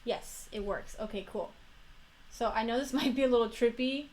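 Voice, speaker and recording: Young florida woman streaming a model build, rambly, talks to herself and corrects herself, a bit high. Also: moderate pace, darkish tone. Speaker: livestreamer. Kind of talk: casual livestream chat while building a model kit.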